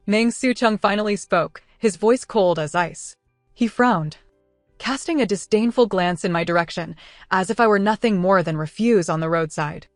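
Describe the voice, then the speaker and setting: A woman giving smooth, even scripted narration of a story. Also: medium pitch, moderate pace, dry recording. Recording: dry close studio voice with faint music. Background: faint music.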